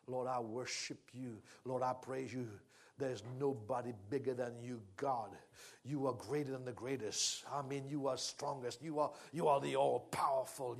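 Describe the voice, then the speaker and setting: A man preaching a sermon, moving from quiet, conversational teaching to loud, fervent worship leading. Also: medium pitch, vocal fry, slightly rough. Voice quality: speaks in tongues during worship.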